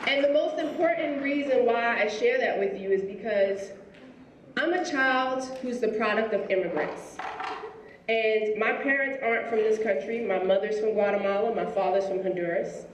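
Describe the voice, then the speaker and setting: A woman telling a lively story in a motivational speech to a school audience, acting out the people she met. Her voice sits a little high. She is heard from the audience, far from the mic, in a roomy, echoing hall. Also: normal speed, crowd noise, background noise. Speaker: school principal giving a speech. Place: school auditorium.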